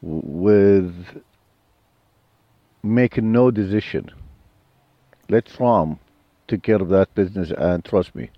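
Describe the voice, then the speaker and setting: A low-voiced man speaks earnest, blunt English with grammar. The sound is a little muffled and dry, with faint music underneath. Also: takes it slowly, pauses often, no room sound. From Iraq. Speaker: guest. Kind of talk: casual conversation. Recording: slightly dull with faint music.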